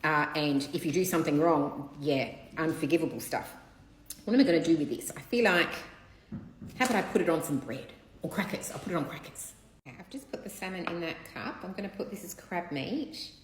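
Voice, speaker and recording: A woman's voice: sits low, animated, brisk. A woman gossiping casually while she assembles a seafood platter in her home kitchen, with children bathing somewhere in the house. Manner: chatty, gossipy, candid, occasional swearing. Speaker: vlogger. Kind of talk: casual chat while cooking. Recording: echoey room, faint background noise. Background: children splashing in a bath.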